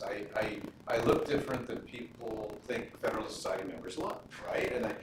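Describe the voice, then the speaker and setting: A middle-aged man, a judge, talking casually with law students in a relaxed question-and-answer session, full of "you know" fillers and anecdotes. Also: medium pitch, quick pace, few pauses. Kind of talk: casual Q&A talk. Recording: roomy, distant mic, room noise.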